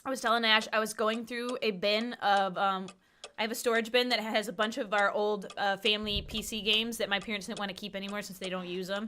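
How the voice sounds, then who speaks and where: Giggly excitable woman streaming a game. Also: medium pitch, brisk, a little hiss or hum. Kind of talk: let's-play livestream commentary.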